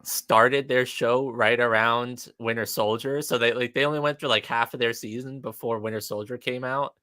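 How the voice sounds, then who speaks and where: A man's voice: medium pitch, fairly even intonation, pushed and bright, dry recording, clean studio sound. A man in casual live-stream chat, talking loosely and filling his sentences with "like". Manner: chatty, peppered with "like" and quick laughs.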